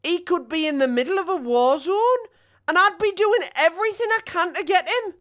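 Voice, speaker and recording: A man voicing a brash British man from Newcastle who is frantic about his dog abroad. He reads it out in a loud, whiny, overwrought way with a Newcastle accent. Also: very high-pitched, animated, moderate pace, voice pushed up, heavily acted. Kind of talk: mock reading of a tweet.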